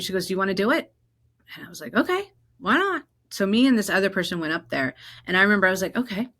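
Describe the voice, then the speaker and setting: A woman from New Jersey hosting her own podcast, telling personal stories in an animated way and acting out the voices of the people in them. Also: on the low side. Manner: animated, acts out quoted voices. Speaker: podcast host. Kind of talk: personal storytelling.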